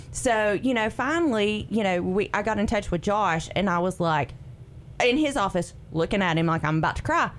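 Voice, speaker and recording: A woman's voice: mid-range voice, moderate pace. A woman, a radio co-host telling her own story in casual chat, acting out her quotes. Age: 40s. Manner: lively, animated, acts out her own quotes.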